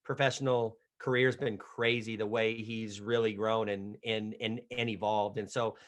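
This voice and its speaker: A man's voice: lowish voice, flat delivery, moderate pace. Stuttering middle-aged man telling a story. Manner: stutters, with repeated starts; casual storytelling, acts out what others said. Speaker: head softball coach. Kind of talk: media availability, telling a story.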